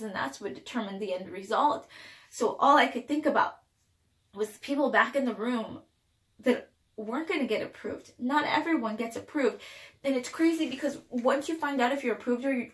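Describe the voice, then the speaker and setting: A young woman telling her own life story to camera, emotional and tearful, halting and restarting as she cries. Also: a little high. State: crying. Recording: echoey room.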